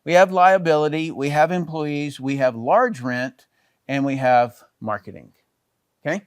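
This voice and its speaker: Smooth-voiced man explaining business models. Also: on the high side, a little slow, no echo. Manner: conversational, with frequent "okay" and "all right" check-ins. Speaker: business educator. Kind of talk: explanatory talk over slides.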